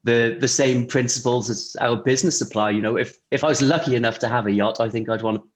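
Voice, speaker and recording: A man talking casually as an interview guest, relaxed and chatty, with many fillers and restarts. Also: medium pitch, quick pace. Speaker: guest, insurance technology vendor.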